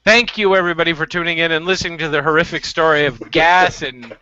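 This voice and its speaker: A man's voice: a little high, fast, pushed and bright. A man from California hosting a casual web show, telling stories animatedly and acting out quotes, over dull web call audio. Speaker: host.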